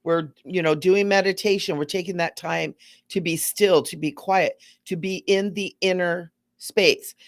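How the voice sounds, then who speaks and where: A woman giving a casual, rambling spiritual talk to viewers, gently repeating words for emphasis. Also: on the low side, steady tone, measured pace, no echo. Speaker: spiritual teacher hosting a live stream.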